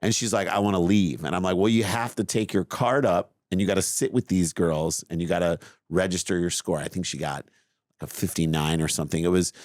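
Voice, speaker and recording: A middle-aged man co-hosting a podcast, telling a long story in a lively, self-mocking way. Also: sits low, a little fast, no room sound, studio quality. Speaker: podcast co-host. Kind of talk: casual chat, storytelling.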